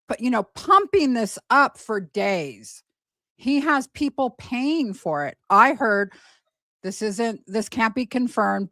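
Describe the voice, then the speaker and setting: A woman's voice: on the high side, fairly bright tone, no echo. A woman hosting a casual gossip livestream, talking in a chatty, rambling way full of fillers. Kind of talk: casual live commentary.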